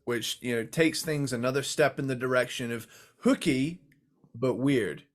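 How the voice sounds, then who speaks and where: A man co-hosting a casual music ranking talk show, laid-back and quick to laugh, with lots of filler words. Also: mid-range voice. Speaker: podcast co-host.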